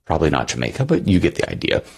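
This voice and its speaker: A man's voice: rumbling low, sing-song, racing, creaky, breathy edge. A man co-hosting a podcast, talking casually and rambling with many fillers. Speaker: podcast co-host. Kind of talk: casual chat.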